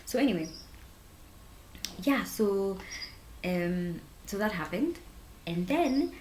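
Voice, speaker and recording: A young woman in her twenties with a Kenyan accent, telling a personal story to camera in a chatty, animated way. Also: mid-range voice, takes it slowly, slight background noise. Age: 20s. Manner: chatty, animated, full of "like" and "honestly". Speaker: vlogger. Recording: roomy echo.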